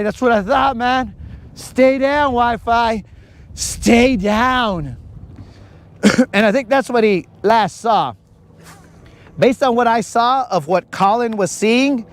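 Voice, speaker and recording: A man hosting a live fishing stream from a boat outdoors, rambling and joking in slang. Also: high voice. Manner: slangy, rambling, joking, says bro a lot. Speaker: fishing livestream host. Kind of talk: casual live-stream banter.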